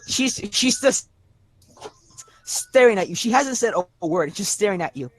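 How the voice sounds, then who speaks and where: A man narrating a tabletop game as game master over a video call, rambling and halting with many fillers. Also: high-pitched, animated, no echo.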